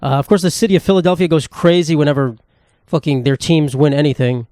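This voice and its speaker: A man's voice: fairly high pitch, steady tone, fast, dark tone, no room sound, clean studio sound. A young man hosting a solo comedy podcast, rambling and sarcastic, swearing freely. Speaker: podcast host.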